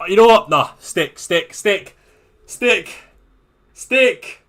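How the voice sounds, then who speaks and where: A man's voice: sits high, animated, extremely slow, pauses often, a bit bright. A man streaming live to his viewers, anxious and swearing, repeating himself as he talks things over with chat. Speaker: fantasy football streamer.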